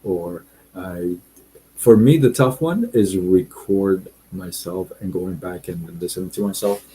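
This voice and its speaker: On his casual live stream, a low-voiced man reads viewer comments and talks in a deliberate, relaxed way full of fillers. The recording is rough, with slight background noise.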